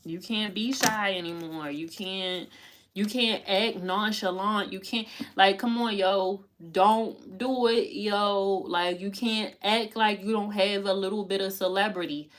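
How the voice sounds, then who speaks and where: A woman's voice: medium pitch, fairly even intonation, unhurried, fairly bright tone. A woman giving a live tarot reading, talking in emphatic, repetitive, slangy bursts full of profanity and pep-talk urging. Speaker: tarot reader.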